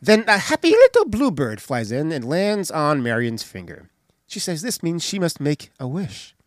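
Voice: medium pitch, normal speed, dry recording, studio quality. A podcast host casually recapping a comedy film scene by scene. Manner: animated, recounts scenes and does voices.

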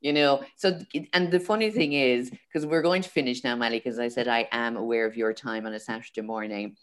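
Very deep-voiced middle-aged woman host. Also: brisk. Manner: earnest, chatty, laughs easily. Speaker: podcast host. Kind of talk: casual conversation.

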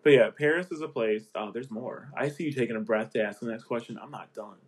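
A man's voice: mid-range voice, quick pace, husky. A man hosting his own podcast, chatting casually and animatedly, laughing often and slipping into playful voices, sounding a little sniffly. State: sniffly, a bit congested. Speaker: podcast host. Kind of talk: casual chat.

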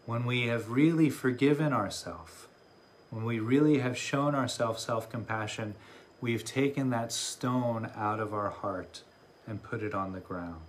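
Meditation teacher guy telling a buddhist story, slow and thoughtful, lots of pauses, average pitch, faint hum. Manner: reflective storytelling with many pauses. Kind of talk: dharma talk.

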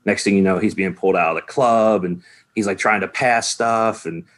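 A man's voice: fairly low pitch, normal speed. A man in his forties telling a rambling story in casual chat, full of "like" fillers.

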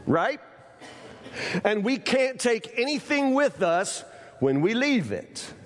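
A man's voice: extremely high pitch, big pitch swings, takes it slowly, fairly bright tone. A man preaching a sermon, folksy and conversational, repeating his words as he talks to the congregation. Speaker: pastor. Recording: echoey hall.

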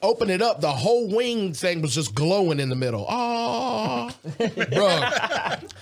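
Young man, high-pitched and animated, slangy storyteller, co-host. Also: takes it slowly, gravelly. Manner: animated, slangy, loud bursts when excited. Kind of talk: casual chat and storytelling.

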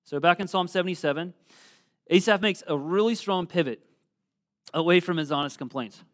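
A middle-aged pastor preaching a sermon, earnest, reading scripture aloud with emphatic swells. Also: male voice, high-pitched, moderate pace.

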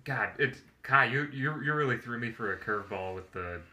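A man's voice: mid-range voice, expressive, normal speed, sharp tone. A young man co-hosting a podcast, thinking aloud hesitantly in casual chat. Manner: hesitant, restarts and fillers while thinking aloud. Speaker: podcast co-host.

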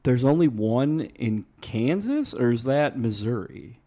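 A man's voice: mid-range voice, very animated, unhurried, warm tone. A young man co-hosting a podcast, telling blunt, profanity-laced stories in casual chat. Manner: profane storytelling, emphatic and blunt. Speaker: podcast co-host.

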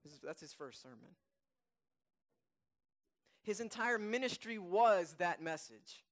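A male pastor preaching a sermon, emphatic and repeating key phrases, and reading scripture aloud slowly and softly. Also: high voice, expressive.

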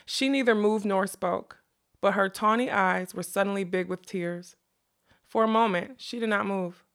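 Gravelly-voiced woman narrating a fantasy novel. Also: medium pitch. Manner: measured, expressive storytelling. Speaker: audiobook narrator.

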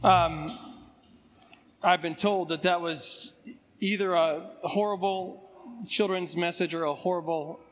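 A male pastor with a voice hoarse from a recent illness, chatting through church announcements in a relaxed way with frequent ums. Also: high-pitched, slow pace, pauses often, long reverb tail, slight background noise. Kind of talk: pulpit announcements before a sermon. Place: church sanctuary.

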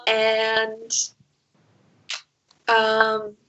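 A woman narrating a tabletop game as game master, slow and hesitant with many pauses, short on sleep. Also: fairly high pitch, monotone, a bit bright, slight background noise. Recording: dull lo-fi sound.

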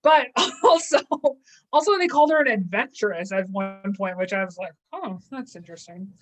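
A young woman retells a story in an easy, chatty way, tossing in playful asides as she goes. Her voice sits at a middle pitch, and her talk is casual and lively. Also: normal speed, rough recording. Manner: chatty, animated recapping with playful quoted asides. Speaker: podcast co-host. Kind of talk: casual chat, retelling an episode.

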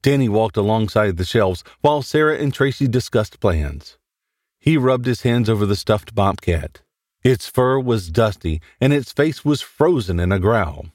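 A man narrating a horror story in a measured storytelling delivery as the host of a story show. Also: fairly low pitch, animated, a little mellow, no echo, studio quality.

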